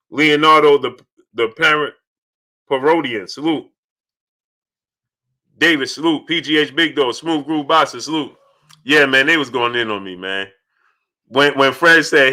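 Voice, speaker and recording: A man hosting a boxing talk livestream, giving animated commentary and giving shout-outs to viewers in the chat. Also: medium pitch. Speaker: boxing talk show host. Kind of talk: livestream commentary reading out super chats.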